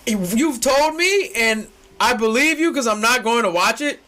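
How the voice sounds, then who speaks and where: A young man, co-hosting a casual chat that swings from low musing to shouting, laughing excitement. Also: moderate pace. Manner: excitable, shouts and laughs when hyped, slangy. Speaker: podcast co-host.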